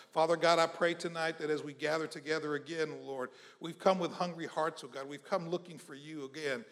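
A man from South Mississippi, preaching a sermon and leading the congregation in call-and-response, moving between hushed prayer and shouting. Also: on the high side, steady tone, a little fast, few pauses. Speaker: pastor. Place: church hall. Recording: long church-hall reverb.

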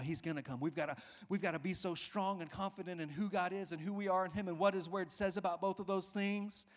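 A man's voice: high-pitched, long reverb tail. A male pastor preaching a sermon with emphatic call-outs to the congregation.

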